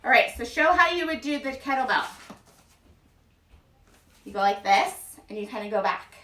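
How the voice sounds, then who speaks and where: A woman's voice: fairly high pitch, animated, moderate pace, pushed and bright. A woman, a mom, leading a casual home workout at home, chatty and upbeat, counting reps aloud. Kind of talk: casual exercise instruction. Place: room at home. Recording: echoey room, voice heard from a distance.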